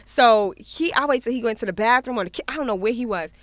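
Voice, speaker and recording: A woman's voice: fairly high pitch, quick pace, crowd noise. A woman hosting a radio show, telling a story in casual chat, laughing often and acting out both sides.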